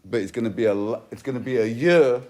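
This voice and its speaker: Speaking fast in a mid-range voice, a rabbi tells a story in his Torah class. The sermon is emphatic, veering between loud and soft, and his English is laced with Hebrew and Yiddish terms.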